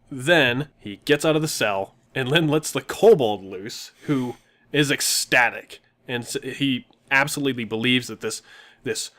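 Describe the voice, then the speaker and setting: رجل بصوت متوسط الطبقة يروي بمرح جلسة لعبة أدوار ويضحك كثيرًا. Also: male voice, medium pitch. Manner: laughs often, animated retelling. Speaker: co-host of a gaming channel. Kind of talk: casual storytelling of a tabletop game.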